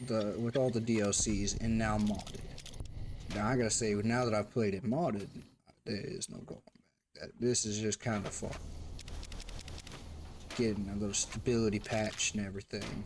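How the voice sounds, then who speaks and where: A man's voice: on the low side, darkish tone, a little hiss or hum. A man reviewing a game and talking casually while he plays, rambling, repeating himself and chatting to the characters on screen. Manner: rambling and self-interrupting, talks to the game. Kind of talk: casual commentary while playing.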